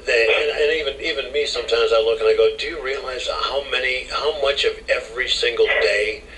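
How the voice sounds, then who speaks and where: A man hosting a call-in radio show, rambling and halting with many restarts. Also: medium pitch, fairly even intonation, bright, forceful tone, soft background music. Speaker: radio host. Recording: distant radio broadcast with faint hiss.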